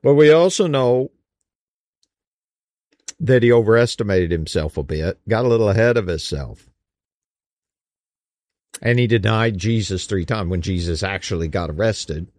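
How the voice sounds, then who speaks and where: A man's voice: on the low side, lively intonation, moderate pace, pauses often, darkish tone, dry recording, clean studio sound. A man teaching a Bible study in a casual, conversational way, with folksy slang and frequent "you know.".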